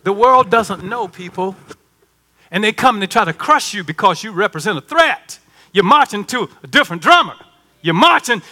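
A man preaching a sermon in a folksy, conversational way, swinging from hushed asides to emphatic calls. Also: very high voice, lively intonation, moderate pace. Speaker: pastor.

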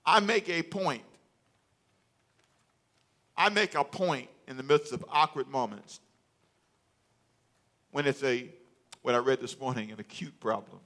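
Forceful, bright-voiced man preaching. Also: mid-range voice. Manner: emphatic, rhetorical questions, swells to loud peaks. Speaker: pastor. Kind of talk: sermon.

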